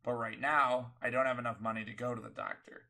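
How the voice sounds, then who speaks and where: A man who sounds sick and speaks with a gravelly, bright edge. He rambles wryly through a casual chat and keeps correcting himself mid-sentence. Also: mid-range voice, fairly even intonation, fairly quick. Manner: rambling, self-correcting, wry. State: sick, coughing. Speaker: podcast co-host.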